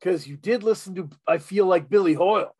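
A man's voice: high-pitched, brisk, a little mellow, breathy edge, no room sound. Enthusiastic man, dry close mic. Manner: enthusiastic, lots of fillers and restarts. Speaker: podcast co-host reviewing an album. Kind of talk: casual chat.

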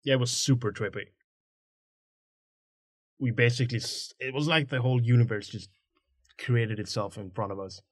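A player speaking in character in a tabletop game, excitable and defensive, with some swearing. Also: mid-range voice, normal speed, pauses often, dry recording, clean studio sound.

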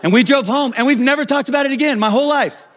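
A man preaching a sermon as a pastor, telling a personal story in an animated, humorous way. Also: very high-pitched, fast talker, some chatter behind.

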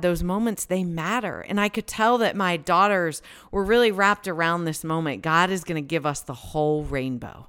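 A woman in her thirties giving a sermon-style Bible teaching, telling a story with lively swings between excitement and hushed moments. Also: on the low side, clear, resonant tone.

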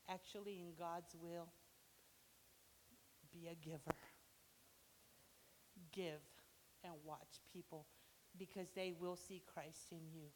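A woman with a lowish voice tells a personal testimony in church and brings the people in her story to life. Her voice carries a long hall reverb over a faint hiss. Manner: animated, acts out dialogue in her story. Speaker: church member giving testimony.

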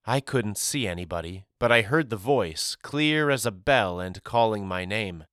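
Reading a storybook at an unhurried pace, a male narrator speaks evenly and enunciates clearly in a low voice with a crisp, bright edge. The audio is close-miked and dry, free of any room echo.

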